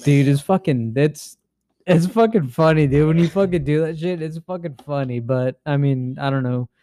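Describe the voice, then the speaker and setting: A man's voice: fairly high pitch, moderate pace, dark tone, no room sound, studio quality. A young man hosting a podcast, telling a rambling, profane story with frequent laughs. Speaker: podcast host. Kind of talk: casual storytelling chat.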